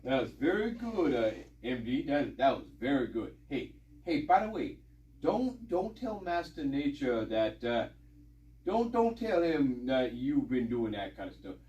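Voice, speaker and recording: A man voicing a secretive accomplice who mutters insistent instructions in a low, hushed voice. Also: very animated, unhurried, roomy sound, highs cut off. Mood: hushed, conspiratorial. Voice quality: low muttering voice, mic-distant. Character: hushed conspiratorial man coaching a cover story.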